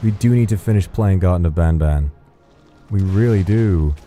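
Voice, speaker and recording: A man's voice: low-pitched, normal speed, dark tone, soft background music. A man casually commentating as he streams a game, rambling and swearing playfully.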